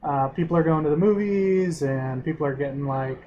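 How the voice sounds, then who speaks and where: A man running a tabletop role-playing game, talking in a rambling, halting way full of fillers. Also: a little high, a little mellow, lo-fi sound, slight background noise. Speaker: game master.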